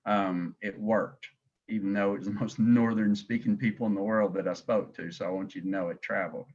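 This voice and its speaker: A man's voice: lowish voice, steady tone, fairly quick, darkish tone. A man with a Southern accent from Tennessee, leading a sales training call as agency director, emphatic and repetitive. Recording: dull lo-fi call audio.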